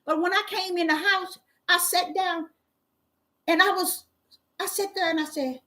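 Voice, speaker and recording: High-voiced animated woman streamer. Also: unhurried. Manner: animated and exclamatory, addressing viewers as y'all; repeats phrases for emphasis. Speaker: live stream host. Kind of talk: casual storytelling monologue.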